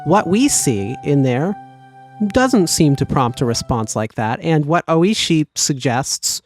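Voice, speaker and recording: A man's voice: fairly high pitch, lively intonation, slow, faint music behind. A man co-hosting a let's play, musing curiously about the story in casual chat. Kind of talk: casual chat while playing a visual novel.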